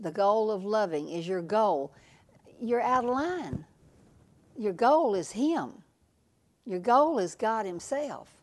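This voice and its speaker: A woman preacher delivering a sermon at an unhurried, deliberate pace. Her voice carries a gravelly, creaky edge, and she presses her points home through repetition. She sometimes sinks to a near-whisper for asides. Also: mid-range voice, a little mellow.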